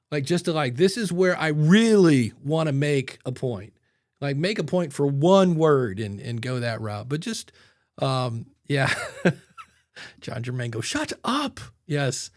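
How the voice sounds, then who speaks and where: A man hosting a podcast in casual chat, animated and talking into a mic with headphones, sometimes acting out voices. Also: fairly high pitch, no echo, studio quality. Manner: animated, demonstrates voices with sudden loud bursts. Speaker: podcast host. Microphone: studio mic with headphones.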